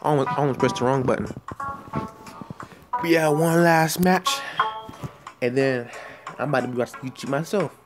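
A man giving excited live commentary while playing an online game, often out of breath and reacting loudly to each moment. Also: medium pitch, moderate pace, pauses often. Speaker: gaming channel host. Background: loud game music.

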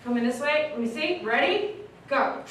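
A woman dog groomer who coaxes a dog softly and chats with viewers as she works. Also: high voice, moderate pace, distant mic, slight background noise. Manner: soothing, coaxing talk to a dog, chatty asides to viewers. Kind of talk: livestreamed grooming with running commentary. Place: grooming room. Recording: echoey room, voice a bit off-mic.

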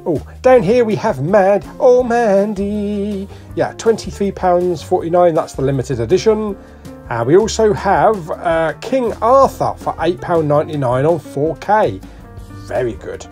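A man's voice: on the high side, moderate pace, faint music behind. A British man giving a casual, jokey walk-through of a shop's discs and their prices while filming as he goes. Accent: British English. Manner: chatty, jokey, lively, ticks off titles and prices. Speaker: vlogger.

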